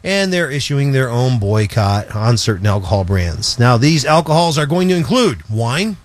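A man co-hosting a radio show in casual on-air chat, animated and jokey, often restarting his sentences. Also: mid-range voice, moderate pace, no echo. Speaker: radio co-host.

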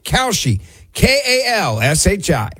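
Husky, lively man reading a radio ad. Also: high-pitched, a little slow, no room sound. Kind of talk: read sponsor spot.

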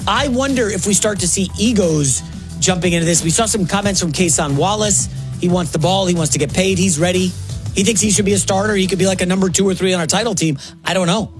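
A man in his forties filling in as host of a sports radio show, talking fast and excitedly with quick asides and self-corrections. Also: high-pitched, over music. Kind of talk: energetic sports talk.

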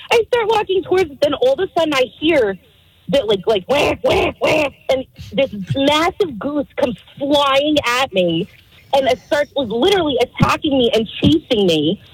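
Giggly, animated woman caller. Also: high voice, unhurried, rough recording. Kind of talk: phone-in storytelling.

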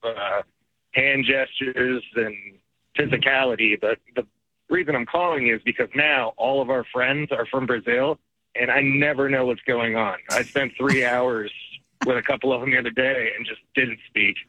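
A man's voice: medium pitch, normal speed, no echo. Male caller on a tinny phone line. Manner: relaxed, chatty, a little laughing. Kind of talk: phone-in call to a radio show.

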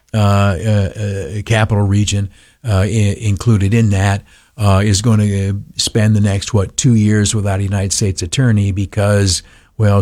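A man's voice: fairly low pitch, darkish tone, no echo, clean studio sound. An older man hosting talk radio, rambling with many fillers and turning blunt and indignant. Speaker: radio talk show host.

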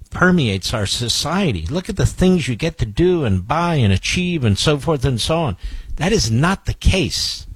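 A man's voice: medium pitch, slightly rough, no room sound. Combative male talk radio host. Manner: combative, emphatic, rhetorical questions. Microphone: studio microphone.

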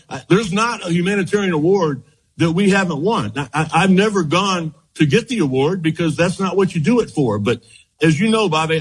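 Husky-voiced man telling old stories. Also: on the high side, poor audio. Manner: rambling anecdotes, quoting others, frequent restarts. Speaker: former baseball pitcher. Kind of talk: storytelling interview.

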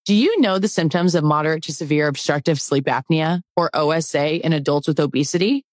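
Calm woman reading an ad, dry sound. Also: sits low, brisk, no echo, faint music behind. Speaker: ad announcer. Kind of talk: scripted ad read.

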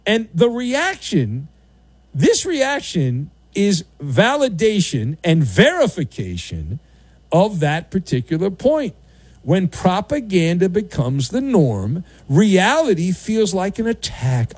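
A man's voice: sits high, dry recording. A man hosting a sports radio show, delivering a sarcastic, opinionated monologue with mocking asides. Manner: sarcastic, animated, mocking voices.

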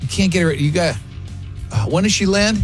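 A man hosting a radio show, chatting casually in laughing, animated banter. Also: high-pitched, moderate pace, soft background music.

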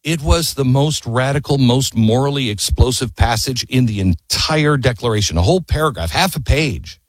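A man's voice: medium pitch, normal speed, dry recording. A man telling history as an impassioned story, earnest and emphatic, firing rhetorical questions and urging his listeners to hear every part. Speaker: history speaker.

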